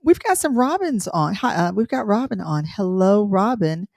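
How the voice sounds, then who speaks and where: A woman's voice: mid-range voice, lively intonation, normal speed, vocal fry, a little mellow, no echo, studio quality. A middle-aged woman co-hosting a livestream, chatting casually with many fillers and restarts. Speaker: co-host.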